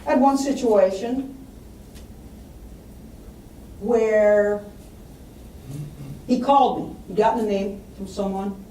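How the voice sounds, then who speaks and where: A woman gives a public talk on estate planning, her medium-pitched, mellow voice slow with long pauses. She tells client stories, acting out the voices of the people in them. The mic is distant in a roomy hall, with faint ambience and a little hiss or hum.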